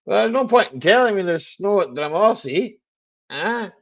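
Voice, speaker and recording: Joking livestream host, slightly high voice. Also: male voice, expressive, moderate pace, fairly bright tone, dull audio. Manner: laughs often, joking, answers chat viewers. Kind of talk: casual live chat.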